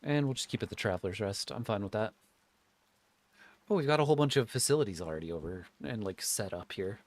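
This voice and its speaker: A man's voice: on the low side, lively intonation, quick pace. A man streaming a game in casual chat, talking to his viewers and reading game text aloud. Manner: chatty, talks to chat and reads game text.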